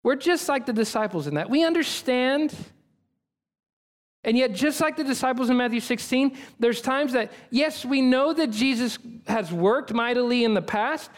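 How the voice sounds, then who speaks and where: High-voiced man preaching a sermon. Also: lively intonation, moderate pace. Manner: earnest, emphatic preaching with repeated phrases. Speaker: pastor.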